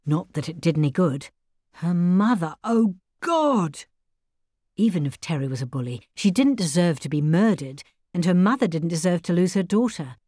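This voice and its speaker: Low, expressive woman storyteller. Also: no echo, studio quality. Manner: calm, expressive. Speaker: narrator. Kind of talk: storytelling narration.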